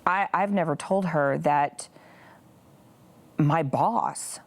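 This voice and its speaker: Earnest woman with a gravelly low voice. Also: drawn-out words. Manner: earnest, many "you know" fillers. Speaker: guest, pro-life activist. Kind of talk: interview storytelling.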